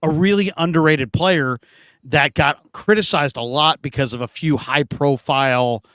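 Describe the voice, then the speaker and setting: Male sports host, chatty, slightly high voice, dry close sound. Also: normal speed, fairly bright tone, smooth, dry recording. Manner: chatty, reads viewer comments aloud. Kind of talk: casual sports talk.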